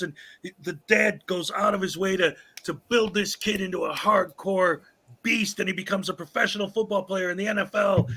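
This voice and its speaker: A man's voice: high voice, sharp tone, husky. A man co-hosting a casual talk show, telling chatty anecdotes. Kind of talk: casual chat.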